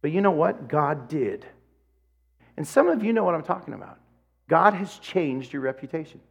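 A male pastor preaches in a somewhat high voice, building his sermon around a personal story. He talks with animation and acts out the dialogue as he tells it. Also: expressive, moderate pace, creaky, slightly rough, muffled recording.

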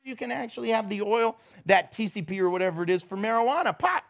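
A man's voice: high voice, animated, quick pace, gravelly. A middle-aged man preaching a sermon, telling stories animatedly with laughter and mimicked voices. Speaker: pastor.

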